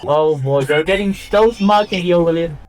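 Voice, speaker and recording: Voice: medium pitch, moderate pace, a little mellow. An interviewer with an Argentinian accent, chatting and joking with a guest. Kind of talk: casual chat.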